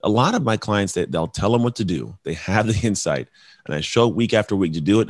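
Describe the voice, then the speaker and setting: Deep-voiced, emphatic motivational coach man. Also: expressive, a little fast, no echo, studio quality. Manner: emphatic, acts out client dialogues, calls people bro. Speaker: guest, coach and speaker. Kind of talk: energetic motivational talk.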